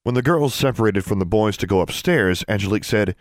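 A man reading a novel aloud as narrator, steady and measured. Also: fairly low pitch, dry recording, clean studio sound. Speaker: audiobook narrator. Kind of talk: scripted audiobook narration.

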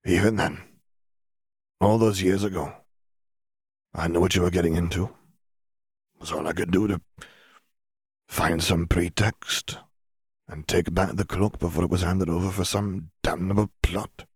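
A man's voice: sits low, fairly even intonation, slightly rough, dry recording, clean studio sound, heavily acted. A man doing a stern, weary old father. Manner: measured, clipped, weary. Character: stern, even-toned elderly father.

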